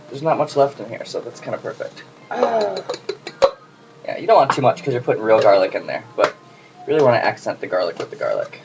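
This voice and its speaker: A man hosting a casual home cooking video, chatty and jokey as he talks to the camera while he works in his kitchen. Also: medium pitch. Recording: noisy home recording.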